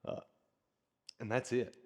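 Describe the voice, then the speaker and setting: A man's voice: slow, darkish tone. A man hosting a blacksmithing vlog, talking casually and earnestly, reflective and encouraging. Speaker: blacksmith and channel host.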